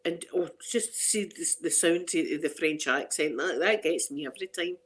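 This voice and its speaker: A woman's voice: low voice, normal speed. Chatty middle-aged Scottish woman. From Scotland. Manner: chatty and rambling, with frequent restarts and laughter. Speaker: ASMR channel host. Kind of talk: casual chat to viewers.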